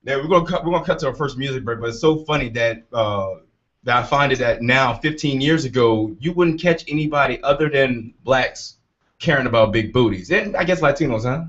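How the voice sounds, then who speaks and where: A man's voice: medium pitch, lively intonation, a bit bright. Joking male host on a lo-fi call. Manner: joking, opinionated, quick to cut to breaks. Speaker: show host. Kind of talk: casual chat. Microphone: video call. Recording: dull lo-fi online video call.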